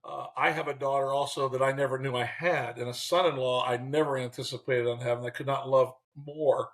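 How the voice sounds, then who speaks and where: A man in his sixties, an interview guest telling lively stories and acting out the people in them. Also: mid-range voice, fairly quick, rough recording. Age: 60s. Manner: animated, acts out quotes. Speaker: guest, former baseball manager. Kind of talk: interview storytelling.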